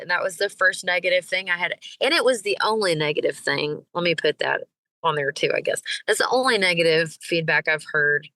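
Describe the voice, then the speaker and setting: A woman tells stories as a guest in a casual interview, animated and ready to act out the people she talks about. Her voice is bright and sits a little low, and the close mic sounds dry. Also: fairly quick, no echo, rough recording. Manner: animated, breaks into laughs and acts out the people she quotes. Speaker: singer and podcast guest.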